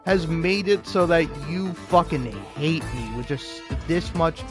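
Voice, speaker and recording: A man with a hoarse voice ranting heatedly about a video game, swearing constantly. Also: a little high, animated, unhurried, over music. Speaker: gaming YouTuber. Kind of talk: angry gameplay rant.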